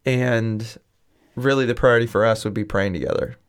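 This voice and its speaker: A man's voice: fairly low pitch, normal speed, clean tone. A young man co-hosting a podcast in casual, joking, rambling chat. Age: young adult. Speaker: podcast co-host.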